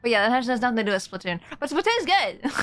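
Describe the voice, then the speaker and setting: Fast-talking and very animated, this young woman has a somewhat high, slightly bright voice. She's streaming a game and chatting casually with viewers while music plays in the background. She gets emotional and teary but laughs often.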